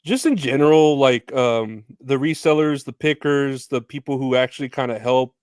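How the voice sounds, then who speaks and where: A man's voice: medium pitch, moderate pace, darkish tone, smooth, dry recording, studio quality. A man hosting a podcast interview, chatting in a rambling, hesitant way with lots of fillers. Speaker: podcast host. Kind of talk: casual interview chat.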